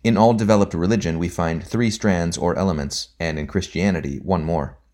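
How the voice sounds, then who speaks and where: A man with a very low, deep voice reads a nonfiction book aloud for an audiobook. His delivery is measured and deliberate. His voice sinks quietly whenever he marks off a quotation. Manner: measured, deliberate reading that drops softly on quote markers. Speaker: audiobook narrator. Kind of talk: scripted reading of a nonfiction book.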